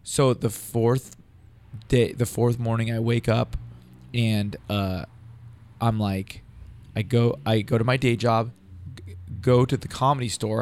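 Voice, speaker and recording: Gravelly-voiced man telling a story. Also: on the low side, darkish tone. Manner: profane, rambling, quoting others in dialogue. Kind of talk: casual storytelling.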